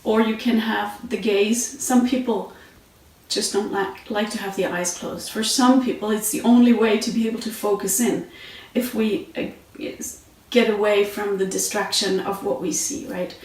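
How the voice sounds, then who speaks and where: A woman's voice: mid-range voice, moderate pace. Woman teaching yoga in a very echoey room. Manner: relaxed, conversational, with fillers and self-corrections. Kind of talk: instructional talk. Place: indoors on a yoga mat at home. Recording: very echoey room, mic at a distance.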